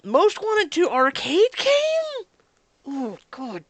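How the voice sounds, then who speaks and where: Ranting game vlogger with a swinging pitch and gravelly fry, casual and exasperated. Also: unhurried, dry recording. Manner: animated, exasperated, swears freely. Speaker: mobile game recap vlogger.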